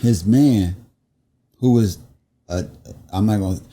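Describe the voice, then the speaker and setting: A man from Ohio, a guest on a casual podcast, telling stories in a lively, slangy way and acting out what people said. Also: on the low side, slow, slight background noise. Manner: animated storyteller, acts out quotes in slangy talk. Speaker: guest, clothing brand owner.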